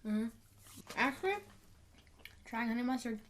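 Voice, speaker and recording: A young woman chatting casually with her mother, soft-spoken and using current slang. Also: a little high, expressive, unhurried, a little hiss or hum. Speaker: daughter, co-host. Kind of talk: casual chat.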